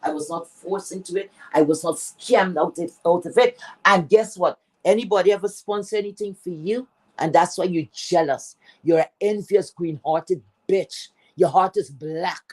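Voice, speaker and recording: A woman's voice: on the low side, normal speed, breathy edge. Cursing Caribbean woman ranting on stream. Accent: Caribbean English. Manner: loud, cursing, repeats phrases, swings between yelling and muttering. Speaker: livestream host. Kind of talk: heated livestream rant.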